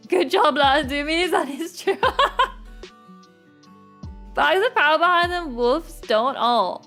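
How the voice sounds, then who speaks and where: A woman's voice: high-pitched, lively intonation, slow pace, fairly bright tone. Giggly young woman streaming. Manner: giggly, laughs often between lines. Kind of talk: casual live-stream chat with viewers. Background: faint music.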